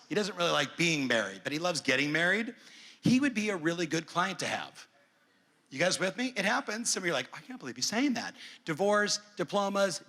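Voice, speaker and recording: Brash, bright-voiced male keynote coach. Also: high voice. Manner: brash, profane, keeps polling the crowd. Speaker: real estate coach. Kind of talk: motivational conference keynote. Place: large conference hall stage. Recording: long reverb of a big hall.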